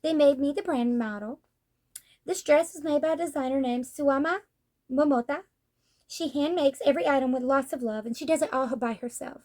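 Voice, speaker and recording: A woman reading aloud as a shy, earnest young female model from a comic, speaking softly and sincerely. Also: high-pitched, moderate pace, lightly acted.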